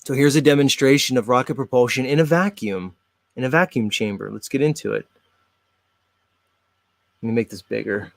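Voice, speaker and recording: A man's voice: medium pitch, normal speed, gravelly, pauses often, no echo. Chatty male host, dry close sound. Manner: chatty, rambling, talks straight to viewers. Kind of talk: casual commentary on videos.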